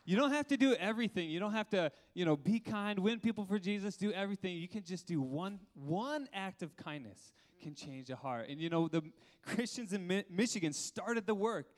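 A man in his thirties preaching a lively sermon, laughing often and asking the congregation questions. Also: high voice, fairly quick. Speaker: pastor.

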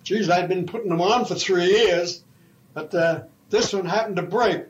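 An older man, a retired railroad fireman, telling an oral history story in a slow, halting, folksy way. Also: high-pitched, poor audio.

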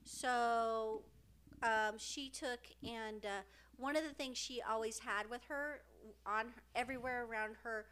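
A woman's voice: fairly high pitch, fairly even intonation, unhurried, fairly bright tone, clean tone. Earnest, emotional middle-aged woman. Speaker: podcast co-host. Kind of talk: casual heartfelt podcast chat.

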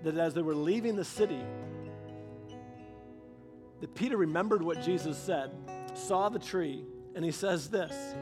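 A man preaching a sermon, telling stories with animated delivery and acting out quoted voices. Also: on the high side, unhurried, long pauses, over music.

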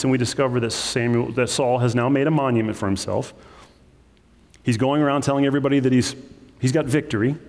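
Preaching man in a reverberant hall. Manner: animated preaching, acts out quotes with sudden high voices. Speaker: pastor. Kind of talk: sermon.

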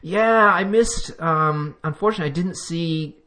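A man's voice: fairly high pitch, moderate pace, sharp tone. A man co-hosting a podcast in casual chat, rambling and chuckling as he talks. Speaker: podcast co-host.

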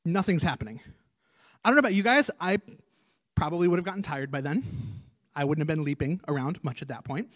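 A male pastor preaching a sermon on a church stage, animated and acting out scripture as he tells it. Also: fairly high pitch, quick pace, no echo.

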